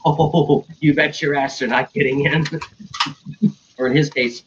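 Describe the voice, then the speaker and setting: A man's voice: fairly high pitch, fairly even intonation, measured pace, fairly bright tone, a little hiss or hum. A young man telling a story in casual chat, acting out other people's lines and swearing freely. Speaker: stream host telling a story. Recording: dull lo-fi stream audio.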